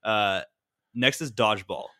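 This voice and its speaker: A man's voice: fairly low pitch, unhurried, bright, forceful tone, no echo, clean studio sound. A man co-hosting a sports podcast, sharing favorite movie lines with enthusiasm in casual chat. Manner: enthusiastic, says he loves each line. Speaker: podcast co-host.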